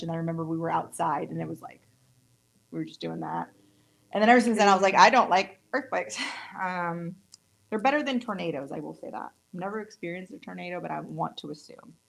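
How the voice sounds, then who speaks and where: Gravelly low-voiced woman, chatty. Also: a little fast, rough recording. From California. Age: 30s. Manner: chatty and upbeat, gushes over colors. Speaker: nail tech instructor. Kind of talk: casual tutorial demo.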